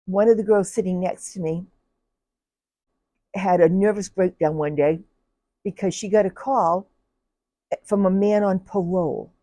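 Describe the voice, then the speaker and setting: A woman's voice: medium pitch, measured pace, long pauses, dark tone, dry recording. An older woman, a retired telephone operator, telling her work stories in a chatty way, laughing often and acting out the people she dealt with. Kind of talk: casual personal storytelling.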